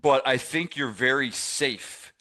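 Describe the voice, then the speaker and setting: Speaking slowly in a medium-pitched, pushed, bright voice, a middle-aged New Jersey man coaches gym owners in a live masterclass. As a fitness business coach, he's rambling and conversational, full of fillers and restarts.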